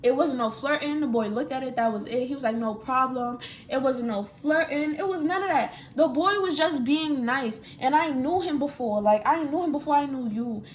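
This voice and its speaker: A woman's voice: sits high, normal speed, hardly any pauses, a little hiss or hum. A young woman, telling a storytime in casual, slangy chat and repeating phrases for emphasis. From New York. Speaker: vlogger. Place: at home, getting ready.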